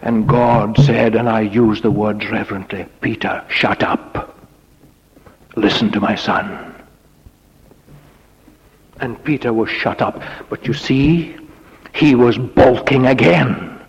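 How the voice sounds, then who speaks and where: A man's voice: lowish voice, takes it slowly, pauses often, breathy edge. A man preaching a sermon dramatically, dropping to a whisper on key words. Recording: lo-fi recording in a reverberant hall.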